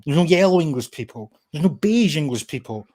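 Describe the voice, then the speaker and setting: A man's voice: fairly high pitch, expressive, fairly quick, a little mellow. A Scottish man ranting bluntly and swearing a lot, co-hosting a casual commentary stream. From Scotland. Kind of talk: casual political commentary chat.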